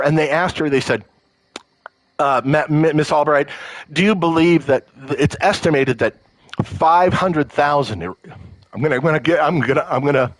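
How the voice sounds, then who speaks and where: Heated man ranting, slightly high voice. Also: a bit bright, dry recording, rough recording. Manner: heated, profane and emotional, with stammered restarts. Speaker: livestream host. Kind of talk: live political rant.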